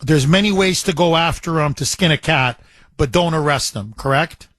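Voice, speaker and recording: Chatty talk radio host, dry studio sound. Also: male voice, on the high side, normal speed, a bit bright, no echo. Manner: chatty, repeats phrases for emphasis. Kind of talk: talk radio call-in show.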